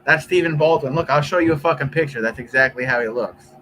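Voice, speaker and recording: A man's voice: a little high, fast talker, bright, forceful tone, a little hiss or hum, rough recording. A man live streaming, chatting casually with viewers in a rambling, profane way.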